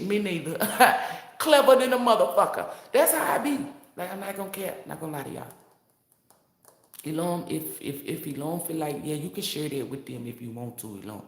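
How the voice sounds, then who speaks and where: A woman's voice: low voice, echoey room. A woman giving a casual spiritual monologue as a tarot reader, brash, boastful and profane, laughing often.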